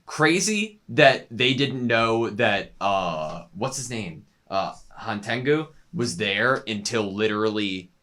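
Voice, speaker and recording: A man's voice: fairly low pitch, lively intonation, takes it slowly, hardly any pauses, fairly bright tone. A young man co-hosting an anime reaction show, speaking eagerly in a casual discussion and readily agreeing with his co-host.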